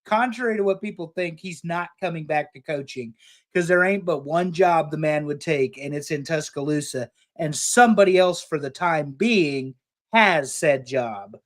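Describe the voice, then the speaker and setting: A man's voice: on the high side, moderate pace. A man co-hosting a casual sports talk stream, opinionated and joking, cursing casually. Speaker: podcast co-host.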